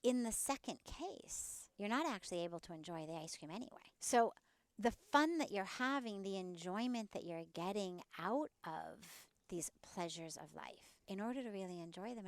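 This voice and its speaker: Gravelly-voiced woman telling a parable. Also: medium pitch, animated, normal speed, no room sound. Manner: warm, earnest storyteller. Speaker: spiritual teacher, guest. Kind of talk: casual interview talk and storytelling. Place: outdoors.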